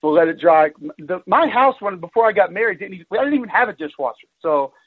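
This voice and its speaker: A man's voice: sits high, lively intonation, quick pace. Joking man on a tinny line. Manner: mock-defensive, joking. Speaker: guest analyst. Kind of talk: casual chat.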